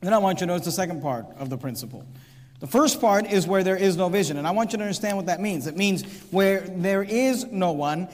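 A pastor delivers an earnest sermon, driving his points home by repeating key phrases. His voice sits fairly high for a man. The sound carries a long reverb, as in a church sanctuary. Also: fast talker.

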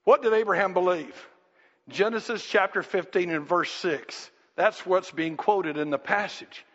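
A man preaching a sermon in a church, animated and emphatic, acting out quoted voices and shouting at the peaks. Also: sits high, a little slow. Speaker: pastor. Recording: dull lo-fi sound with long reverb in a hall.

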